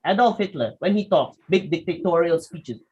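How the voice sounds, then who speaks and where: Lively man teaching. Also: fairly high pitch, breathy edge, lo-fi sound. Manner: lively, acts out quick examples, asks the audience questions. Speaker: public speaking workshop instructor. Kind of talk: lecture presentation with slides.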